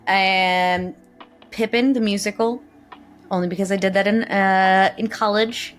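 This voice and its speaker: A woman's voice: medium pitch, steady tone, unhurried, smooth, soft background music. A woman voice actor who is a guest on a podcast, chatting casually in a bubbly way and laughing often.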